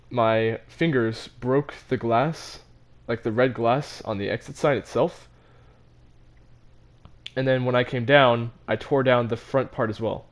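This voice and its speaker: A teenage boy telling a story about his school in a casual, rambling, self-mocking way, with many fillers and restarts. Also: mid-range voice. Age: teens. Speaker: vlogger.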